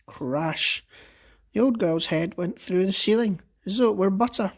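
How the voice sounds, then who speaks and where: A man teacher reading a children's book aloud with expressive, lively storytelling. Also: sits high, measured pace.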